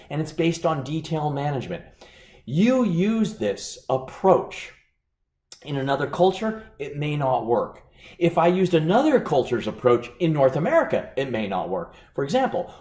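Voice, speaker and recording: Animated male lecturer in an echoey room. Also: on the high side. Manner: animated, acts out anecdotes. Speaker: business lecturer. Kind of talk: lecture with storytelling.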